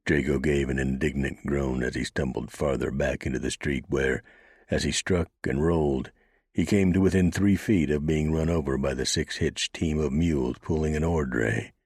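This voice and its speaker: Deep gravelly male audiobook narrator. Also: fairly even intonation, normal speed, darkish tone, dry recording, clean studio sound. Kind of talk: scripted western narration.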